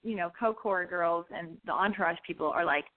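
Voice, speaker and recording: A woman hosting a call-in show, telling a profane story in an animated, ranting way. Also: on the low side, fairly quick. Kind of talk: call-in radio monologue. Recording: tinny phone-like sound.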